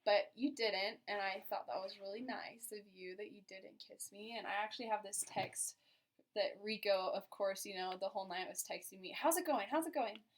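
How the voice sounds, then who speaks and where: A woman's voice: medium pitch, flat delivery, normal speed, slight background noise. Chatty, giggly young woman telling a story. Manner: chatty and giggly, heavy use of "like". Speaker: vlogger recounting a first date to her partner. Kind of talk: casual storytelling.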